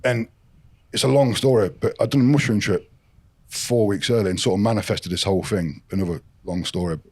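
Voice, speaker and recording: A man's voice: fairly low pitch, fairly quick, husky. A middle-aged man, a podcast guest telling blunt stories full of swearing. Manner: blunt, heavy swearing, forceful storytelling. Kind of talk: casual podcast chat.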